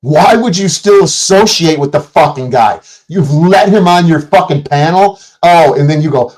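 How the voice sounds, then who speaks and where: A man with a slightly high voice rants furiously into his streaming mic, swearing constantly and jabbing at viewers in the chat. His delivery is combative and heated, a confrontational livestream tirade. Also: animated, normal speed, hardly any pauses, rough recording. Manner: profane, combative, shouting at chat. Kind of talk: angry livestream rant. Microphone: streaming setup mic.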